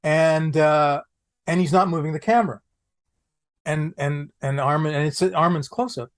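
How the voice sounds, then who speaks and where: A man, an actor guest on a podcast, telling anecdotes in an animated way, repeating phrases for comic effect. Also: fairly high pitch, normal speed. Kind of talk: anecdotal storytelling.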